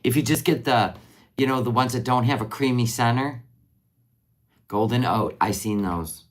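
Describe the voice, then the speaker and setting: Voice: mid-range voice, normal speed. A live-streamer chatting casually while finishing crafts, rambling and answering viewer comments as they come in. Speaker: livestream crafter.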